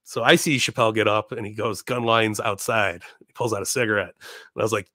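A man in his thirties from Chicago, a podcast guest telling a story in a casual, animated way, laughing and putting on voices. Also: fairly low pitch, fairly quick, no room sound, studio quality.

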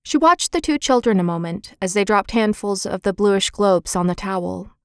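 A woman reads a children's book aloud, clear and expressive, at an even middle pitch. The recording is dry and close, with no room sound. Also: normal speed, no room sound. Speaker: audiobook narrator. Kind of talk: scripted narration of a children's book.

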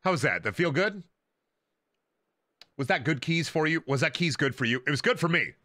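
A man's voice: a little high, animated, normal speed, sharp tone, slight background noise. A young man streaming a video game, joking, rambling and swearing freely as he plays. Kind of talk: casual game stream commentary. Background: faint game music.

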